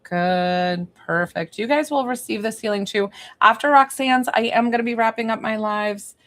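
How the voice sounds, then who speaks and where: A woman giving a psychic reading and healing on a live stream, talking in a soft, emotional, rambling and reassuring way. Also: fairly high pitch, normal speed. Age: young adult or middle-aged, a mother. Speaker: psychic medium and energy healer, live stream host.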